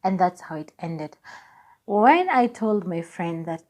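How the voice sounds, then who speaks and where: A young Kenyan woman in her twenties telling a personal story on her vlog, lively and laughing as she acts out what people said. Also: lowish voice, slow pace. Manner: animated, laughing, acts out dialogue. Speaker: vlogger.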